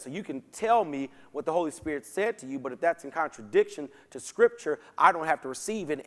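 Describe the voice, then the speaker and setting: A man leads a Bible study as pastor, his slightly high voice carrying into a long, ringing church reverb. He teaches in a relaxed, folksy style and often checks in with his listeners. His casual slang keeps the teaching conversational. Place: church sanctuary.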